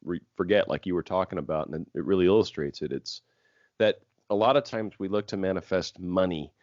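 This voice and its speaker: A man's voice: low-pitched, brisk, a little mellow, no room sound. A man hosting a talk show, reflectively explaining an idea to his guest in a coaching tone. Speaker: radio show host. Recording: dry, dull lo-fi audio.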